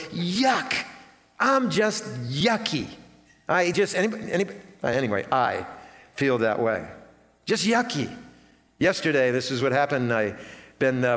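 A man's voice: mid-range voice, a bit bright. An older man preaching a sermon to his congregation, telling a folksy story with self-deprecating asides. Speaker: pastor. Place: church sanctuary. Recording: long reverb of a church hall.

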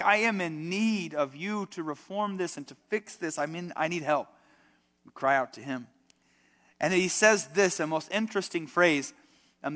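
A man's voice: fairly high pitch, a bit bright. A young adult man preaching a sermon to a congregation, conversational and emphatic, full of rhetorical questions. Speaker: pastor. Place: church sanctuary. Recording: long reverb of a church hall.

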